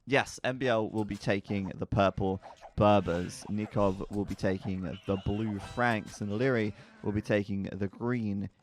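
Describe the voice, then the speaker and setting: A man's voice: fairly low pitch, steady tone, a little slow, hardly any pauses. A man casting a strategy game match in a casual, joking way, sometimes stumbling over names. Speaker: esports commentator.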